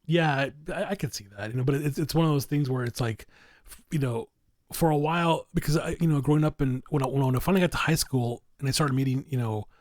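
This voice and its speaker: A man's voice: mid-range voice, fast talker, darkish tone, dry recording. A man talking as a podcast guest in a casual, rambling way, filling nearly every phrase with "you know". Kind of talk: casual conversation.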